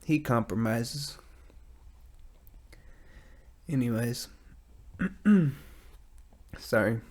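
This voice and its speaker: A man's voice: medium pitch, takes it slowly, darkish tone. Rambling, foul-mouthed american guy podcasting. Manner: profane, rambling, self-deprecating. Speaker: podcast host. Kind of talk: casual solo podcast rant. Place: metal garage with a small booth, at night. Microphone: studio mic with headphones.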